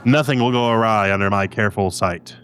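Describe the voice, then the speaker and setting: A man's voice: lowish voice, a little fast, a bit bright, soft background music, lightly acted. A man voicing a showy, boastful male time-seer who speaks of himself in the third person. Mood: grandiose.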